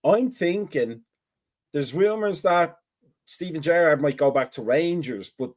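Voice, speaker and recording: A man on a casual football podcast speaks in a slightly high voice. He puts questions to the others and talks haltingly, with ums and restarts. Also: expressive. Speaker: podcast co-host.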